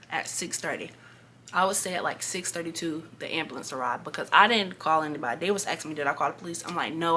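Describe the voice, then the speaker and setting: Bright-voiced eighteen-year-old woman vlogger. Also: sits low, a little hiss or hum. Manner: animated, emphatic storytelling with slang. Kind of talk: casual storytime vlog.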